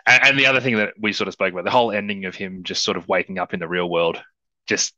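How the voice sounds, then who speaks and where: A man co-hosting a casual film podcast, talking in an animated way and acting out bits of dialogue. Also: deep voice, fast talker, dry recording, rough recording. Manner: animated, acts out quoted dialogue. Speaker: podcast co-host.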